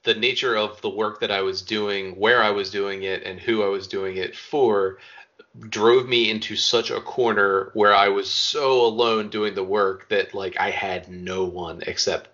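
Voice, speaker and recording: A man from Pennsylvania talking earnestly in a casual chat, halting and restarting his sentences. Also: lowish voice, fairly even intonation, sharp tone. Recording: dull lo-fi sound.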